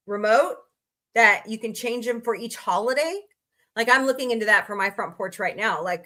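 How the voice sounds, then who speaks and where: A woman hosting a casual comedy livestream with a bright, forceful voice. Her delivery is sarcastic and wisecracking as she reads odd laws aloud. She keeps stopping to greet people in the chat by name. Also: fairly high pitch. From United States.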